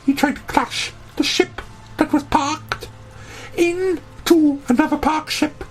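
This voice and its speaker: A woman's voice: sits high, steady tone, slow pace, low-quality recording. A woman narrating a comic audio story in character, talking in a brash, boastful, rambling way.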